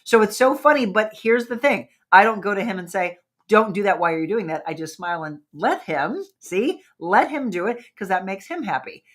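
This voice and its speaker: A woman's voice: mid-range voice, expressive, normal speed. A woman hosting a wellness talk show, chatting casually and animatedly with her audience and asking them questions. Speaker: host.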